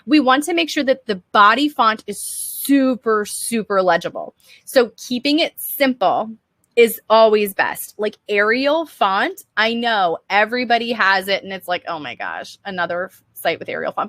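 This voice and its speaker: A woman's voice: a little high, a bit bright, no echo. A young woman teaching design on a casual live stream, chatty and upbeat, answering viewer questions with lots of "um" and "like".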